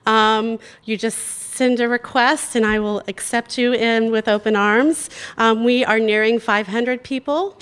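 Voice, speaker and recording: A woman's voice: on the high side, fairly even intonation, unhurried, hardly any pauses, a bit bright, clear, resonant tone. A woman hosting a live awards evening, chatty with many fillers and frequent laughs. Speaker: awards host and group organizer. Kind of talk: live event speech. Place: event hall in New York.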